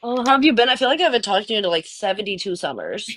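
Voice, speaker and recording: A woman's voice: mid-range voice, sing-song, racing, a bit bright, dry recording. A woman guest on a live stream, with a mid-range voice recorded close and dry. She talks casually, sarcastic and indignant about a rude commenter. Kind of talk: casual chat.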